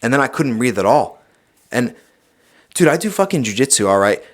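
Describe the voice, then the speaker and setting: A young adult man, a podcast guest, telling a personal story in a casual, animated way, swearing often and saying "dude" a lot. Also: mid-range voice, fairly quick.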